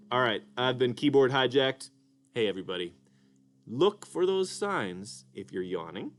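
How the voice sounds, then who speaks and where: A man teaching children in a gentle, patient way during a puppet lesson. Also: mid-range voice. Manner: gentle, patient, explaining to kids.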